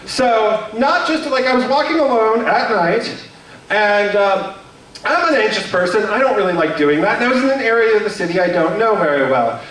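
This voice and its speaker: Young man, stand-up comic, high voice, anxious self-mocking delivery with lots of ums; boomy room sound, mic set back. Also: animated, moderate pace, fairly bright tone. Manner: nervous, self-deprecating storytelling with many fillers. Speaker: stand-up comedian. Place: comedy club stage. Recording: echoey room, mic heard from a distance.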